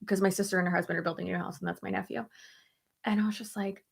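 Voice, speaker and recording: A woman's voice: medium pitch, level tone, racing, gravelly, breathy edge. Rambling chatty young woman vlogger. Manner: rambling, heavy use of "like", laughs often, tells stories in quoted dialogue. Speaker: beauty vlogger. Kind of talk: casual chat while getting ready.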